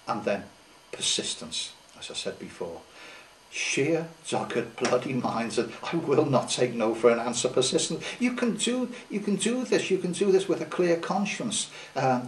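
A man's voice: medium pitch, slight background noise. A middle-aged man giving an unscripted sales tutorial, emphatic and repeating key words for effect. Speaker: sales trainer. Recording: echoey room, distant mic.

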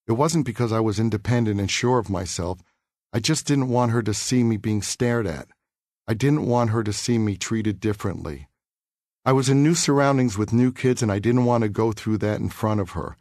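A man from New York City reading his own memoir aloud for an audiobook, in a measured, earnest and reflective way. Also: fairly low pitch, darkish tone, no echo, clean studio sound.

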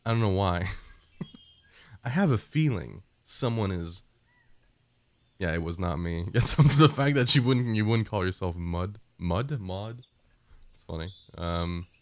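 Deep-voiced man chatting on stream. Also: expressive, slow, pauses often, no room sound. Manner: joking, reads chat aloud, mumbles asides. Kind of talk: casual gaming stream chat.

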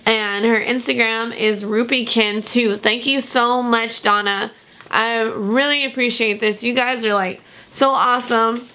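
Bright, effusive woman. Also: fairly high pitch, fairly even intonation, measured pace. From Long Beach, California. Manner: effusive and grateful, near tears. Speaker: coupon vlogger. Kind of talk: casual vlog, reading fan mail.

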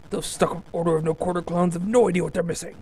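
A man's voice: high-pitched, flat delivery, brisk, darkish tone, slightly rough. A man voicing a cocky, boastful male rogue knight with a swaggering, mocking manner.

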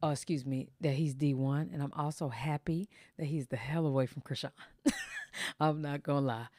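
A woman's voice: deep voice, steady tone, warm tone, no echo. A woman hosts a gossip show. She talks loosely and sassily, drawing out her asides. The sound is dry and close. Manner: sassy, drawn-out asides. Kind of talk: casual commentary.

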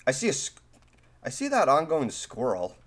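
A man's voice: mid-range voice, wildly swooping pitch, moderate pace, fairly bright tone. A man streaming a game and chatting casually with friends, exasperated and swearing often. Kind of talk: casual gaming chat with friends.

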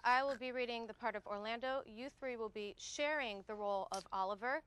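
Woman acting as a strict professor, firm and impatient, higher voice, faint noise behind. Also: brisk, fairly bright tone, lightly acted. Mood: stern. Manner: firm, impatient, keeps redirecting the class. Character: strict female professor leading a reading. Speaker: actor in a conference skit.

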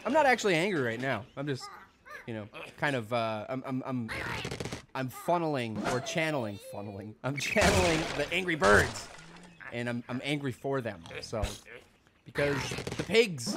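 A young man hosting a video game let's play, rambling goofily and suddenly yelling a silly word. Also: a little high, very animated, normal speed, background noise. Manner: goofy, rambling, randomly yells a silly word. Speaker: gaming channel host.

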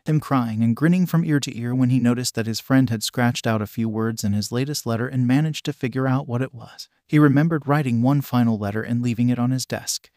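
Guy reading fanfic out loud, steady even voice, totally dry sound. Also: medium pitch, no echo. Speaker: story narrator. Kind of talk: reading fan fiction aloud.

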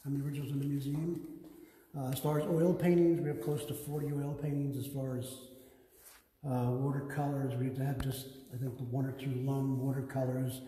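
Man, museum owner, relaxed rambling storyteller, very dark tone, echoey hall with long reverb. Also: mid-range voice, a little fast. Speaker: museum owner giving a tour. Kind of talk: casual storytelling on a tour. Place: large museum gallery indoors.

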